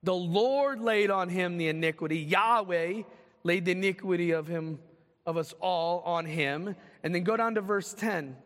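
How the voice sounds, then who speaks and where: Man, pastor, sermon, high pitch, dramatic loud-to-soft swings, long hall reverb. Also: moderate pace.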